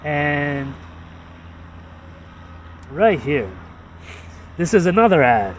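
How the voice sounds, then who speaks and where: A man casually explaining his own ads in a halting, repetitive way, full of fillers and restarts. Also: medium pitch, distant mic, slight background noise.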